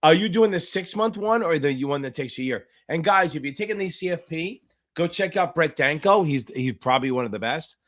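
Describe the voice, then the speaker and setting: Loud cursing tutor guy hyping up his livestream chat, kinda high voice. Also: lively intonation, fairly quick. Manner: loud, profane, hyped-up coaching; reads viewer names and answers from the chat. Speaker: exam tutor hosting a live Q&A.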